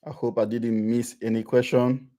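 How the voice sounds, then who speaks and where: On a livestream webcam, a man from Benin answers questions and offers advice in French-accented English. His mid-range voice is dark and flat, and his speech halts, full of restarts and fillers.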